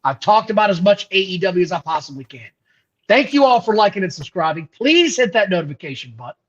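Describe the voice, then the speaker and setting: A man's voice: sits high, sing-song, fast, a bit bright, lo-fi sound. A man hosting a casual wrestling podcast, blunt, profane and opinionated. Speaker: host.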